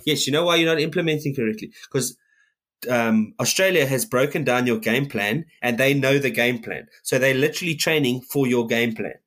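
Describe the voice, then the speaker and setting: A man's voice: mid-range voice, moderate pace, fairly bright tone. A man, co-hosting a podcast, ranting heatedly in casual chat and swearing often. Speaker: podcast co-host.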